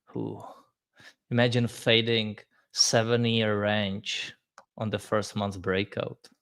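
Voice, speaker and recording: Playful low-voiced man, dry sound. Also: flat delivery, slow, fairly bright tone, smooth, no room sound. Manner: playful, joking, laughs often. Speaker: crypto market show co-host. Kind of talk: casual livestream chat.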